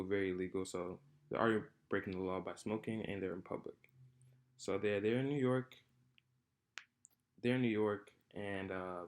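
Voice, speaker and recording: A young man giving an unscripted class presentation, hesitant, with frequent fillers and repeated phrases. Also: lowish voice. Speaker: student presenter. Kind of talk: spoken class presentation on comedy.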